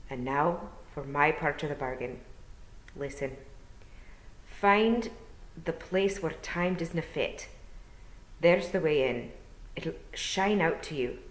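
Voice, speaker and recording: A woman's voice: sits low, animated. A woman doing a dying old pixie matriarch with a Scottish brogue. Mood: fond, weak. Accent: put-on Scottish. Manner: slow, weak, murmuring. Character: dying tiny old pixie clan mother, shrewd and commanding. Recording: roomy echo.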